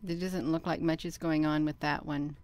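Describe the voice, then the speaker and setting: Smooth-voiced woman narrating her screen. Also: low-pitched, moderate pace. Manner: excitable, bursts into loud exclamations; talks to herself by name and to viewers. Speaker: channel host. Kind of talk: casual screen-share commentary.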